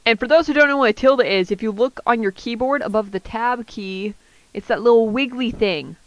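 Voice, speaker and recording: A young adult woman co-hosting a podcast, commenting on a novel in a wry, deadpan way. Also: on the high side, brisk, dry recording, lo-fi sound. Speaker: podcast co-host. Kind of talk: casual chat, reading aloud.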